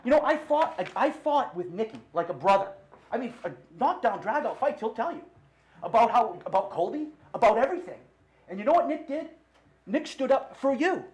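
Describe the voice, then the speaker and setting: Impassioned halting middle-aged man. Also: very high-pitched, sing-song, darkish tone. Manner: impassioned and halting, with many restarts. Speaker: resident speaking at public comment. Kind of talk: unscripted public comment. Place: city council chamber.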